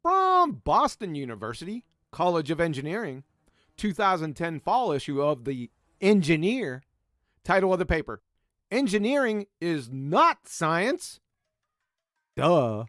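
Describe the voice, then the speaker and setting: A man's voice: fairly high pitch, sing-song, measured pace, a bit bright, no echo, clean studio sound. A man delivering a sarcastic, insulting rant as a commentary host, full of mocking name-calling.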